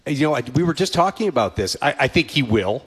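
A man's voice: mid-range voice, very animated, fast, husky. A man speaking as a podcast guest, chatting casually and tagging his points with "right?" and "you know". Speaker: podcast guest, former staffer. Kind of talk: casual anecdotal chat.

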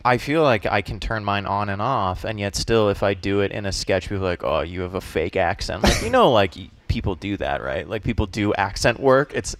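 Lively man telling funny stories. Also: fairly low pitch, dry recording. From Boston. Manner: animated storytelling, acts out quick voices. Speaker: comedian guest. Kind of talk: casual radio interview.

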